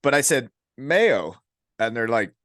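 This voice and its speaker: A man's voice: mid-range voice, big pitch swings, unhurried, a bit bright, no echo. Man, podcast host, casual, jokey, laughs a lot, dry close sound. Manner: jokey, laughs often, acts out quoted dialogue. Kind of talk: casual interview chat.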